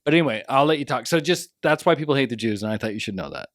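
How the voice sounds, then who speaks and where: A man co-hosting a podcast in casual chat, talking quickly and emphatically. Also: mid-range voice, lively intonation, no echo, clean studio sound. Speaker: podcast co-host.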